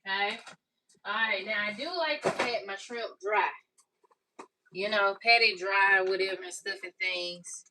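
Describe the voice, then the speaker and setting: A woman's voice: medium pitch, a little slow. Chatty woman cooking at home. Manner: chatty, folksy, talks straight to viewers with "y'all" and "baby". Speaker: cooking vlogger. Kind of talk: casual cooking tutorial. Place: home kitchen. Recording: slightly distant mic with faint noise.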